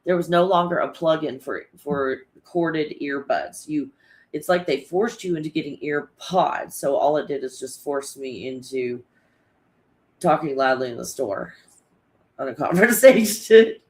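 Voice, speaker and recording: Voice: medium pitch, unhurried. Rambling, swearing livestream host. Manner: chatty, loose and swearing, laughs often. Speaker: livestream host reading chat. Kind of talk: casual rambling livestream chat.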